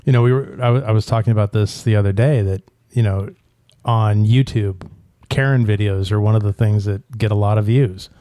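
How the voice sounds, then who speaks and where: A man with a mellow, warm voice co-hosts a casual podcast. He steers the talk with questions and dry asides, and the sound is close and dry. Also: lowish voice, steady tone, brisk, no room sound. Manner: wry, questioning co-host steering the topic. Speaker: podcast co-host.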